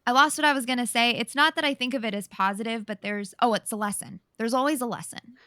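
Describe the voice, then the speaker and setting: A woman's voice: fairly high pitch, fast talker, bright, forceful tone, no echo, clean studio sound. A young adult woman co-hosting a casual podcast, rambling and self-deprecating. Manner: rambling, self-deprecating, laughs while talking.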